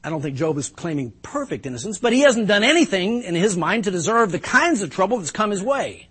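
Husky-voiced man preaching earnestly. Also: high voice, big pitch swings, fairly quick, fairly bright tone. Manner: earnest, reflective, emphatic. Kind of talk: sermon.

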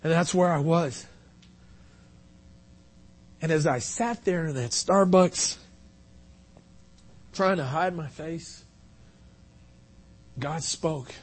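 A man preaching a sermon as pastor, telling a personal story in an earnest, confessional way and swinging from hushed to loud. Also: fairly high pitch, takes it slowly, pauses often.

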